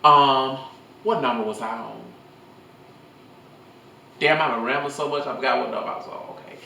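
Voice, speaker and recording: A man's voice: mid-range voice, moderate pace, vocal fry, reverberant, distant mic, a little hiss or hum. A young man telling school stories in a casual vlog, rambling and swearing freely into his phone. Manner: rambling, profane, animated storytelling.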